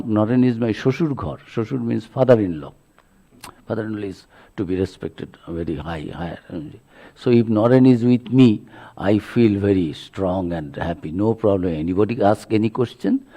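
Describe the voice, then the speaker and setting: A man, a monk, giving a religious lecture full of stories, speaking haltingly with many fillers. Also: fairly low pitch, big pitch swings, highs cut off. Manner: halting delivery, many fillers, acts out quotes.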